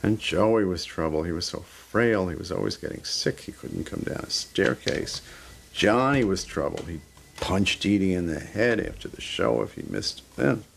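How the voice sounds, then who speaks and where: A man's voice: deep voice, big pitch swings, normal speed, creaky, a little hiss or hum. A man being interviewed for a documentary, telling stories in a blunt, emphatic way.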